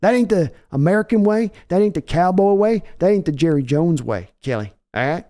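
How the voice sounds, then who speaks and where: A swaggering older football team owner, as a man puts him on, wheedling and folksy, circling back over the same boasts. The voice sits well above a normal speaking pitch yet keeps a mellow, unforced tone. He sounds like he is working the phone to charm someone into a deal. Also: animated, a little fast. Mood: boastful. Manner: folksy, wheedling, repeats himself.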